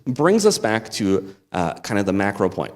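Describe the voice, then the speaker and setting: A low-pitched American man preaching from the front of a church. His voice rings with a long hall reverb, and he talks to the room in an easy, conversational way, with side remarks mixed in. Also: big pitch swings, normal speed. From United States. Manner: conversational, with asides and small laughs. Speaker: guest preacher. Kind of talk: sermon. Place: church sanctuary.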